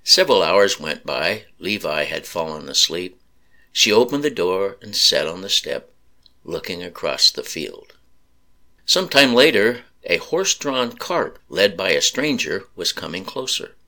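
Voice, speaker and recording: Man, storyteller, deep gravelly voice, slow solemn reading, bright tone. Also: lively intonation. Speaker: narrator. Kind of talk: scripted story narration.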